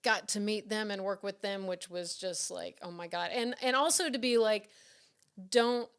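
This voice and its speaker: A woman's voice: medium pitch, moderate pace, smooth. A woman being interviewed about her work as a puppeteer and director, telling stories casually with frequent laughs, fillers and restarts. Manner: animated, laughs often, many fillers and restarts.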